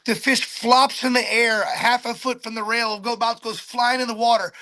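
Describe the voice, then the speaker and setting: A middle-aged man excitedly telling a fishing story in casual chat, acting out his own quotes and restarting his sentences often. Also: very high-pitched, moderate pace. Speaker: charter boat captain telling a fishing story.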